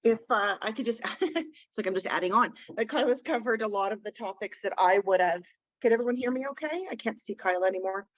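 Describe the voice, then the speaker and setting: A woman's voice: a little high, lively intonation, a little fast, no echo. Woman lawyer talking thru her phone, kinda muffled lo-fi sound, direct chatty teaching. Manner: conversational, direct, emphasizing key words. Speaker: defence lawyer and co-host. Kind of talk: webinar teaching. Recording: dull lo-fi phone audio.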